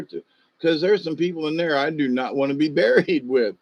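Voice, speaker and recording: A man's voice: on the high side, moderate pace, muffled recording. A man telling rambling, folksy stories in a loose monologue, full of fillers and asides.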